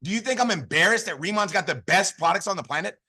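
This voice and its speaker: A man speaks with a high, bright voice in a pumped-up motivational training talk. He repeats his points and throws questions at his listeners before he answers them himself. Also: animated, quick pace, breathy edge. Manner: fired-up, repetitive, call-and-response. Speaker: network marketing leader.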